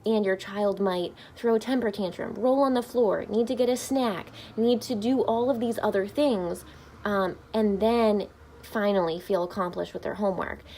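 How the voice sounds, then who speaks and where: A woman's voice: mid-range voice, normal speed, mellow, a little hiss or hum. A woman family therapist, speaking upbeat and informally to parents, with frequent "um" fillers. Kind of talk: informational talk to camera.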